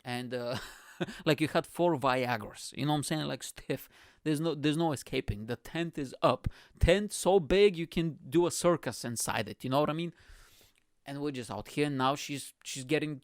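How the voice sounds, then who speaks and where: A man's voice: on the high side, moderate pace, no echo, studio quality. A young man with an accent, hosting a podcast with a crude, boastful, self-mocking comedic monologue. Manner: speaks with an accent. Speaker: podcast host.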